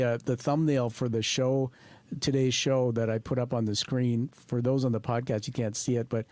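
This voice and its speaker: A man's voice: mid-range voice, darkish tone, no room sound. Dry-sounding man hosting a podcast. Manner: friendly, halting, chuckling. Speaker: podcast host. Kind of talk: conversational interview.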